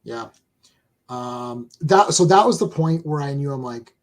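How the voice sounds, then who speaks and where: Man, co-host, casual chat, excitable, rambling, lots of restarts. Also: mid-range voice, a little slow. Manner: reads viewer chat aloud.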